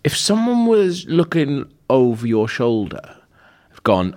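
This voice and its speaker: A man co-hosting a comedy podcast, joking and bantering with quick asides. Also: mid-range voice, sing-song, darkish tone. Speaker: podcast co-host.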